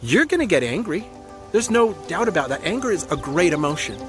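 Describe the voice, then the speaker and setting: A man's voice: on the high side, sing-song, brisk, music in the background. A man speaking as a coach in a casual, earnest and encouraging talk to his viewers, acting out quoted voices as he goes.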